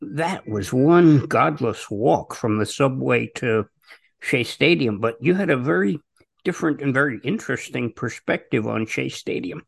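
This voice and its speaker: A man hosting a podcast interview, asking questions in a measured way. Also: mid-range voice, expressive, vocal fry, breathy edge, dry recording. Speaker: podcast host. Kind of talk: interview chat.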